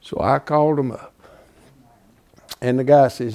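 Gravelly older preacher man. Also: medium pitch, unhurried, pauses often. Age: 70s. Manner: folksy, animated, builds to loud. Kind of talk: storytelling sermon.

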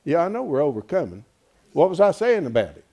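A man delivers a sermon in a folksy, animated way. His voice is gravelly and a little high for a man. His pitch swoops up and down as he preaches. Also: quick pace. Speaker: pastor.

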